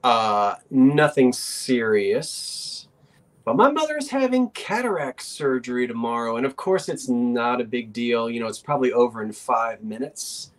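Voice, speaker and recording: A man co-hosting a live online auction, talking in a folksy, gently enthusiastic way. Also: mid-range voice, big pitch swings, measured pace. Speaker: auction co-host.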